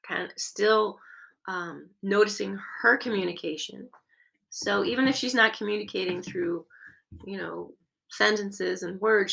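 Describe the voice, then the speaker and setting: Woman with a very gravelly, bright voice. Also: lowish voice, low-quality recording. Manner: gentle, encouraging, expressive with occasional fillers. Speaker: music caregiving educator. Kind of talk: teaching a caregiver workshop.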